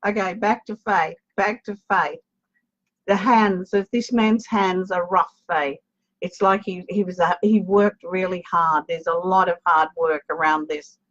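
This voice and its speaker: A woman gives a live psychic reading in a low, chatty voice, calling her viewers darling and babe. She breaks off mid-thought to greet newcomers by name. The stream audio sounds dull and lo-fi. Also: fairly even intonation, unhurried. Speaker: psychic medium.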